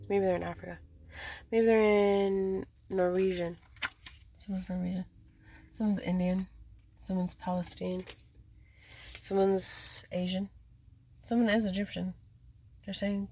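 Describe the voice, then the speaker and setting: A woman's voice: mid-range voice, little pitch movement, unhurried, long pauses, mellow. A woman giving an intuitive card reading in a rambling, repetitive way, often speaking quoted messages aloud. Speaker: spiritual card reader.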